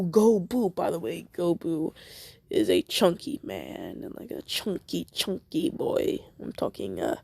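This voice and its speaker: A man's voice: on the high side, gravelly, warm tone, no room sound. A man improvising a fan story, rambling and hesitant, correcting himself as he goes and jumping between voices. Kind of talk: improvised fan fiction narration.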